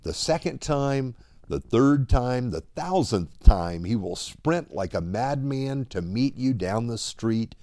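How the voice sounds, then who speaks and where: A man preaching a dramatic devotional sermon, slow and deliberate, often dropping to a hush at the end of a line. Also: medium pitch, animated, dry recording, clean studio sound.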